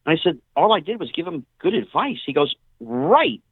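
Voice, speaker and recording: A man's voice: a little high, quick pace, slightly rough, no room sound. Middle-aged man telling stories over a tinny phone line. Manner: animated storyteller who acts out quoted dialogue. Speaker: interview guest, actor. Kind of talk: casual interview storytelling.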